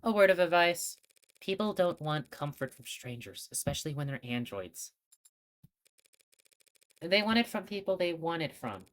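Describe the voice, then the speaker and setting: A woman voicing a gruff, cynical male detective who talks in a curt, sarcastic way, reading game dialogue. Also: sits low, big pitch swings, normal speed, pauses often, low-quality recording. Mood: lecturing. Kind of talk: game dialogue read aloud.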